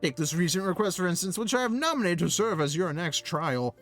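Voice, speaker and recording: A man's voice: high-pitched, lively intonation, fairly quick, a bit bright, soft background music. A man reading out a video game's dialogue aloud as a pompous, scheming male guildmaster mage with grand, old-fashioned phrasing. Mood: grandiose.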